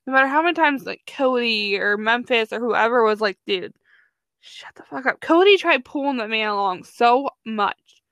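A young woman chatting casually as a podcast co-host, full of fillers and quick restarts. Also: fairly high pitch, animated, a bit bright, dry recording. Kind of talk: casual chat.

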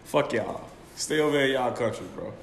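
A man's voice: medium pitch, moderate pace, echoey room, a little hiss or hum. A man co-hosting a podcast, joking profanely and laughing. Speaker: podcast co-host. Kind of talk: casual chat.

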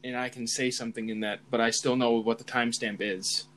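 A man's voice: medium pitch, little pitch movement, a little fast, a bit bright, slight background noise. A young man hosting a podcast, explaining himself in a loose, rambling way with restarts. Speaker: podcast host. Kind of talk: casual podcast chat.

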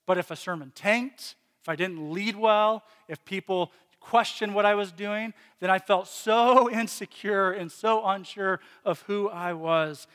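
Earnest higher-voiced man preaching in a hall. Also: a little slow, few pauses, fairly bright tone. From Virginia, USA. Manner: earnest, personal, with restarts and repetition. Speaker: pastor. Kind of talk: sermon.

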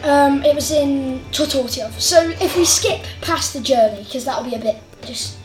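A woman narrating as game master of a tabletop game, playful and quick to slip into character voices. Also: sits high, darkish tone. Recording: roomy sound with faint music.

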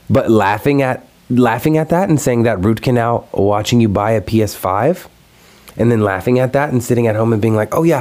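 A young man hosting his own video, ranting casually and profanely about something that annoyed him online. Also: lowish voice. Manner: profane, exasperated, animated ranting. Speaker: video host. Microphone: recorded alone at home.

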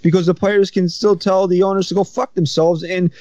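A man's voice: sits high, little pitch movement, darkish tone, dry recording. Rambling man telling a story. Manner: rambling storyteller, quick, self-interrupting. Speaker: podcast host. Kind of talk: casual chat. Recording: slightly dull sound.

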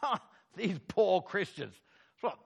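A man preaching a sermon, emphatic, with dramatic pauses and words repeated for effect. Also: sits high, expressive, creaky, a little mellow, breathy edge.

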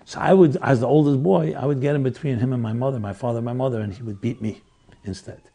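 Gravelly older man telling a story. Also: medium pitch, quick pace, warm tone. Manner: earnest, reflective, restarts mid-sentence. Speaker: rabbi teaching classes. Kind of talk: storytelling lecture.

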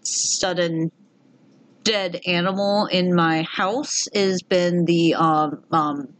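A woman co-hosting a casual podcast chat, telling stories animatedly and jumping high when she acts out quotes. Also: fairly even intonation, very slow, poor audio.

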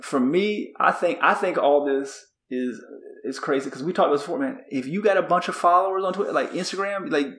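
High-voiced man ranting in an echoey room. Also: brisk. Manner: animated, exclaiming. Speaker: podcast co-host. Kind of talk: casual chat. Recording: roomy echo.

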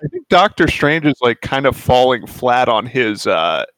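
A man co-host chats casually on a podcast panel and keeps slipping in wry jokes. His voice sits at a middling pitch, and the recording is close and dry. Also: very animated, normal speed, fairly bright tone, dry recording, poor audio. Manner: joking, wry asides.

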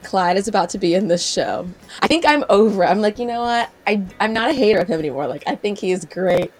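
A woman's voice: medium pitch, fast talker, soft background music. A young woman from South Carolina in casual chat, telling a story with acted-out quotes and frequent laughter. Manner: animated storyteller, acts out quotes, laughs often.

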